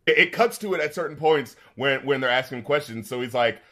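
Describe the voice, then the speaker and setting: A man in casual film-talk chat, animated and laughing often, acting out lines from scenes. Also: medium pitch, fairly quick.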